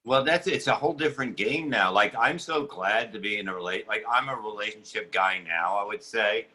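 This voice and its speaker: A man's voice: fairly low pitch, a little fast, sharp tone, poor audio. A man, a comedian guest, telling crude, rambling stories in casual podcast banter. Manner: crude, rambling storytelling with many restarts.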